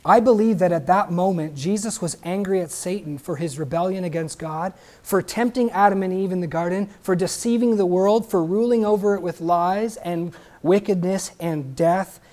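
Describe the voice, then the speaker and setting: A man's voice: high-pitched, normal speed, few pauses, mellow. A man preaching a sermon emphatically, asking the congregation questions and adding joking asides.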